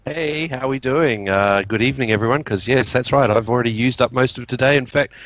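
A man's voice: mid-range voice, brisk, fairly bright tone, no echo. A man guesting on a casual podcast, chatty and punning. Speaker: guest co-host.

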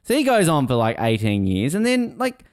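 A man co-hosting a podcast in casual chat, animated and swearing, laughing and mimicking people as he talks. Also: medium pitch, moderate pace, clean tone, no room sound, studio quality. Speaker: podcast co-host.

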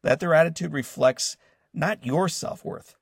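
This husky, gravelly man's voice sits a little high and moves at a measured pace. In his forties, he hosts a motivational podcast, earnestly relating a personal story in a scripted inspirational monologue with warm, direct address to his listeners. The clean studio recording has no echo.

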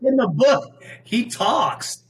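A man's voice: very high voice, sing-song, takes it slowly. A man, an actor being interviewed, talking casually with frequent laughs and rambling restarts. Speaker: guest actor.

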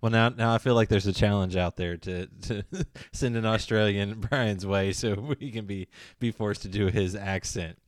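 A man with a smooth, resonant, lowish voice hosts a casual interview. He asks his questions easygoingly and often restarts mid-phrase. The sound is dry and close-miked. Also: fairly even intonation, normal speed, no room sound. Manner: easygoing, with lots of stammered restarts. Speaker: interview host.

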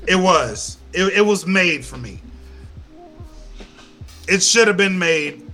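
A man with a Louisiana accent rants on a casual podcast, cussing hard and repeating himself for emphasis. His voice sits a bit high and sounds bright and forceful. It swings widely in pitch as he talks. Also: animated, takes it slowly, pauses often, faint music behind. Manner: profane, emphatic ranting with many repeats. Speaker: podcast co-host.

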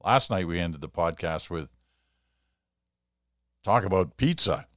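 A man's voice: deep voice, animated, unhurried, dry recording, studio quality. An older man hosting a solo podcast, chatting in a rambling way with self-deprecating asides. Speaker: podcast host. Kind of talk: casual solo podcast monologue.

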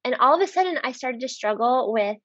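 A woman in her thirties talks about her faith as a podcast guest, earnest and heartfelt, with a slightly high voice. She fills her talk with "like" as she speaks. The recording is dull and lo-fi, with a dry sound and no room echo. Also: lively intonation, fast talker, fairly bright tone. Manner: earnest, heartfelt, many "like" fillers. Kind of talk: casual faith conversation.

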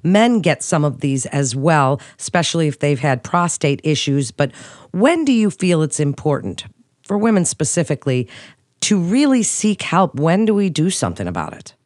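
A woman's voice: deep voice, very animated, normal speed, darkish tone, no echo, clean studio sound. Woman interviewer asking questions. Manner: conversational, asks questions.

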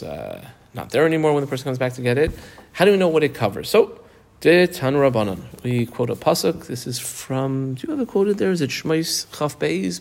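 A man's voice: mid-range voice, vocal fry. A man teaching a text lesson, explaining step by step and asking questions as he goes. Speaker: Talmud teacher.

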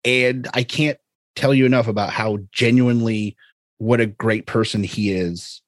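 A man's voice: mid-range voice, steady tone, normal speed, no echo. Rambling, jokey American man. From United States. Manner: rambling, jokey, laughs often. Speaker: podcast co-host. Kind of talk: casual chat.

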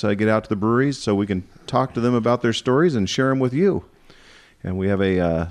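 A man hosting a casual beer podcast in an easygoing way, laughing often between lines. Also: medium pitch. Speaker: podcast host.

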